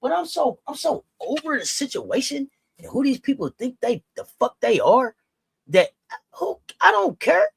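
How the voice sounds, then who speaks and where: Brief: profane sports commentator, fiery, lively pitch, dry room. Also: moderate pace, breathy edge, dry recording. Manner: fiery, profane, swings from quiet to shouting. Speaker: sports talk host. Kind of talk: heated casual commentary.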